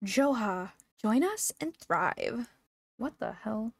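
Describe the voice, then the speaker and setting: A woman's voice: a little high, sing-song, takes it slowly, vocal fry, dry recording, clean studio sound. A young adult woman giving playful, sassy, joking commentary as she plays a farming game for the first time. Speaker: gaming YouTuber. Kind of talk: casual gameplay commentary.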